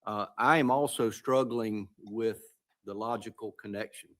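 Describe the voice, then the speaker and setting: A man's voice: lowish voice, fairly even intonation, measured pace. A man serving as an appellate judge, asking hesitant, searching questions from the bench in a courtroom.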